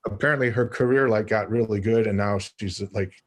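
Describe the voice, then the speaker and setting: A man chatting casually as a guest musician, relaxed and rambling with many fillers. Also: fairly low pitch, brisk. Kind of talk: casual chat.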